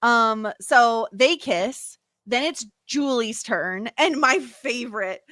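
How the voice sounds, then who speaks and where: A woman co-hosting a podcast, recapping a TV episode in casual chat, animated, laughing often and swearing freely. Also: on the high side, slow, no echo, clean studio sound. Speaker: podcast co-host.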